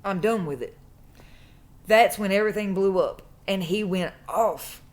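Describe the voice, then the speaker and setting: A woman's voice: mid-range voice, measured pace. Woman, mid-range voice, emphatic casual storyteller. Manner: emphatic, repeats phrases for stress. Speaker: true crime vlogger.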